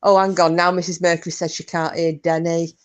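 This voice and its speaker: A woman with a lowish, level voice speaks fairly quickly as she hosts a casual live online chat, reading out messages and checking that everyone can hear her. The sound is clean with no echo, captured over an online call.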